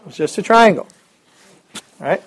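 A man's voice: high-pitched, expressive, moderate pace, husky. A man teaching a Greek alphabet class in a classroom, upbeat and chatty with joking asides. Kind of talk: classroom lesson.

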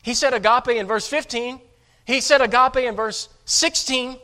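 A male pastor preaching with a high, bright, forceful voice. He is emphatic and stumbles into repeated words as he drives each point home. His delivery swings between loud stresses and quieter asides. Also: moderate pace. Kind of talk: sermon.

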